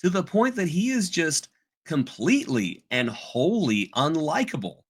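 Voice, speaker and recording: A man's voice: fairly high pitch, big pitch swings, a little slow, breathy edge. A man co-hosting a casual podcast, sarcastic, often acting out characters as he talks. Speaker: podcast co-host.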